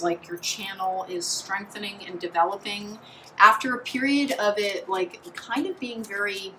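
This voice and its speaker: A woman's voice: mid-range voice, pushed and bright, slight background noise, low-quality recording. A woman doing a pick-a-card tarot reading in a chatty, meandering way, full of restarts and fillers. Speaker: tarot reader.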